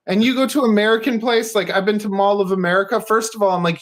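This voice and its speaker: A man talks loosely as a guest on a podcast. His voice sits high, and he rambles from point to point, laughing often and slipping into quick impressions of what people said. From Canada. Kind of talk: casual chat.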